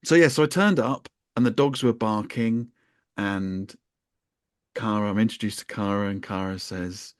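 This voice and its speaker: A man's voice: fairly low pitch, moderate pace, clean tone, no echo, clean studio sound. A man co-hosting a podcast, telling a chatty, wry, self-mocking story in casual conversation. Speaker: podcast co-host.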